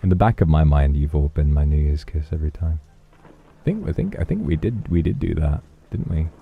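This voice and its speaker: A man streaming, chatting softly and affectionately as he reads viewer donations. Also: very deep voice, animated, fairly quick, vocal fry, husky, narrow, tinny audio, soft background music. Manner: soft, affectionate, musing. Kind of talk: casual chat reading donations.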